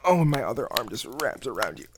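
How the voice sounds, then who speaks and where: A man doing intimate audio role-play, murmuring softly with frequent hums and sighs. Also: medium pitch, sing-song, quick pace, background noise.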